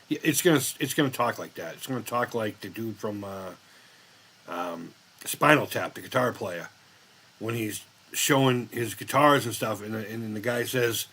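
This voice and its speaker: A man's voice: medium pitch, moderate pace, fairly bright tone, husky. An American man hosting a casual live chat, rambling and swearing freely as he laughs along. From United States. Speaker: live stream host.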